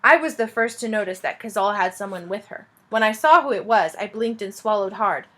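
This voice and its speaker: A woman reading a children's fantasy book aloud in a lively, expressive way. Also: mid-range voice, a little fast. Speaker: reader. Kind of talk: storybook read-aloud narration.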